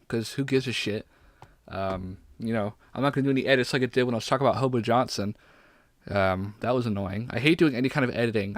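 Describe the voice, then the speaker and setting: A sick man hosts his own podcast, rambling loosely and swearing often. His voice sits at an ordinary middle pitch. It sounds dry and close to the mic. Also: no echo. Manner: rambling, profane, full of restarts. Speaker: podcast host. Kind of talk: casual solo podcast rant.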